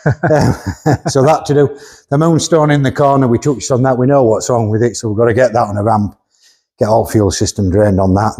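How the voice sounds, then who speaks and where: Walking around cars in his workshop vlog, the owner-host keeps the chat casual, blunt and full of jokes and laughter. He speaks in a lowish, slightly mellow voice with a bit of roughness.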